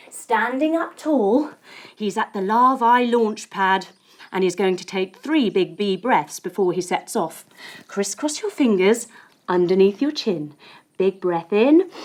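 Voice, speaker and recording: A woman telling a story as she leads a yoga lesson for children, playful and gentle as she guides each movement. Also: a little high. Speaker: kids' yoga instructor.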